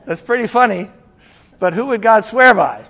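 A male pastor preaching with a high, lively voice. He talks to the congregation casually, full of asides and quick check-ins. The recording sounds dull and lo-fi. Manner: animated, conversational preaching with frequent asides. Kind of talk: sermon.

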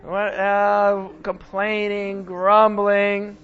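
A man teaching a Bible lesson in a casual, animated sermon style, often asking his listeners questions. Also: high voice, measured pace, highs cut off. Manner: animated, conversational, asks the audience questions.

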